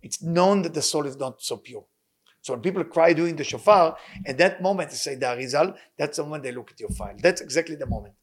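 A man's voice: a little high, animated, quick pace, slightly rough. A man giving a sermon in English, earnest and emphatic, with phrases. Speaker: rabbi teaching.

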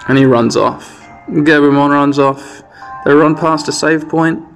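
Brief: male podcast host, gravelly, rambling, relaxed game narration. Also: a little high, measured pace, soft background music. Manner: rambling, relaxed, self-correcting. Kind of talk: casual sleep-podcast narration. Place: side entrance of a half-built house.

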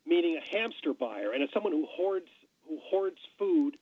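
A man's voice: high voice, moderate pace, breathy edge, no room sound. A man guest chatting eagerly about words. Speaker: co-author guest. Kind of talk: casual chat. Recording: tinny phone line.

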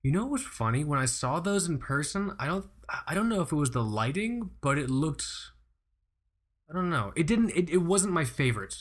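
A man's voice: a little high, big pitch swings, moderate pace. Laid-back, swearing male podcast host. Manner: loose, profane, laughing banter. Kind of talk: casual chat.

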